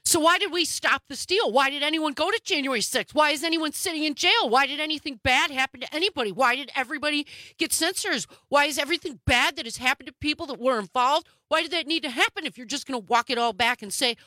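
Woman putting on the voice of a whiny young guy griping about betrayal, pitched up and bright, dry close sound. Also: fast talker, no echo. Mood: aggrieved.

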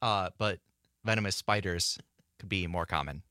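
A man working the board and co-hosting a radio show, speaking in a measured, matter-of-fact way. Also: low voice, pushed and bright, no room sound, clean studio sound. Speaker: radio board operator and co-host. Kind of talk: casual radio chat. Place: radio studio. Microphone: studio microphone.

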